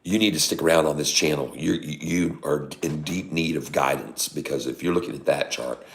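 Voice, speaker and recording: A man's voice: very deep voice, normal speed, gravelly, slight background noise. A middle-aged man hosting a day-trading channel, giving exasperated, emphatic stock chart commentary from a house, sometimes dropping to a whisper. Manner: exasperated, scolding, emphatic repeated no's; drops to a whisper at times. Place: sister's house, indoors.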